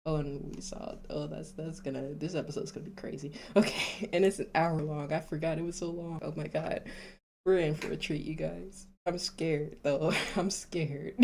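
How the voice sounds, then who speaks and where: A woman's voice: low-pitched, steady tone, normal speed, vocal fry, darkish tone. A woman hosting a reaction video, chatting casually and rambling, with frequent nervous laughs and false starts. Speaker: YouTube reaction host.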